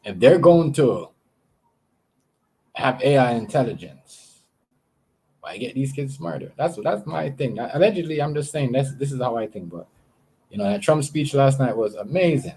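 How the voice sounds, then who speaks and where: Male streamer, slightly husky, loose profane rambling chat to viewers, from Canada. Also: medium pitch, lively intonation, normal speed, pauses often, mellow. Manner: rambling, profane, repeats words. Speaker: live streamer. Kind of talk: casual livestream chat.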